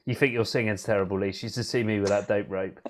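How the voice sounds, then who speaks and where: A man's voice: lowish voice, steady tone, fast talker. A man hosting a casual podcast, talking in jokey, rambling banter. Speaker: podcast host. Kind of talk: casual chat.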